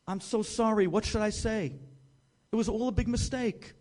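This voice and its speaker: A frantic grown son, as a man storyteller puts him on, blurting everything out in a high, pressed voice. He speaks in urgent bursts and exclamations. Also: moderate pace, a little mellow, natural voice. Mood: apologetic.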